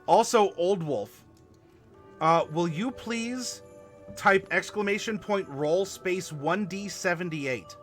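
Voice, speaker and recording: A man hosting a live tabletop worldbuilding stream, chatting to viewers and halting over fillers as he spells out dice commands. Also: sits high, faint music behind. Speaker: game master and stream host.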